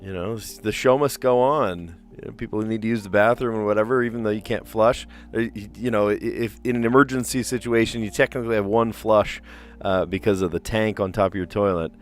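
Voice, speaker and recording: A man's voice: fairly low pitch, steady tone, a little fast, faint music behind. A man chatting casually on a live stream while he plays word puzzles, rambling and laughing often. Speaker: teacher.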